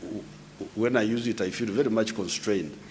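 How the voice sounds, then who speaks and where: A man's voice: on the low side, fairly quick, noisy background. A man in his seventies from Uganda, speaking English, gives an unscripted public address in a lecturing way, often restarting and repeating words. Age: 70s. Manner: lecturing, explaining word by word. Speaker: head of state giving a speech.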